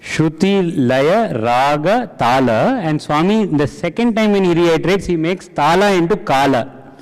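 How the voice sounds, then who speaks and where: A man's voice: fairly high pitch, lively intonation, unhurried. Man leading a spiritual class in a hall. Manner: questioning and encouraging the audience. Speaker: satsang discussion leader. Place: large hall with an audience. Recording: reverberant hall.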